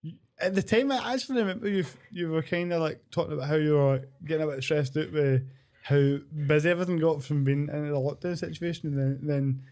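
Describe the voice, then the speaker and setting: A man's voice: fairly high pitch, fast talker, a little mellow. A man, hosting a podcast in casual chat, rambling through his thoughts.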